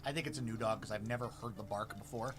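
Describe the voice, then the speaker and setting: A man's voice: on the low side, fairly even intonation, fast. Blunt, wry man chatting over music. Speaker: host. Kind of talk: casual chat on a livestream.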